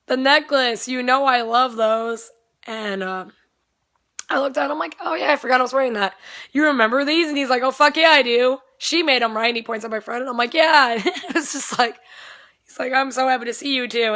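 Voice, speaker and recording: A young woman vlogs in a rambling, excitable chat and swears freely along the way. Her voice sits a little high and has a bright, sharp edge. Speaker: vlogger. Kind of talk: casual chat.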